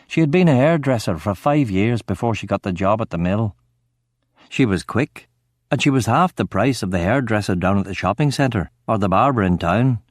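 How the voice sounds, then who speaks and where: A man giving steady, measured first-person narration of a crime novel audiobook. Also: medium pitch, no echo, studio quality.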